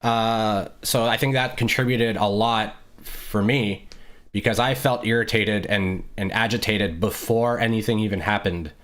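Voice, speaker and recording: A man's voice: fairly low pitch, steady tone, measured pace, fairly bright tone. A man co-hosting a casual podcast conversation, talking in a reflective, rambling way with many fillers and restarts. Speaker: podcast co-host.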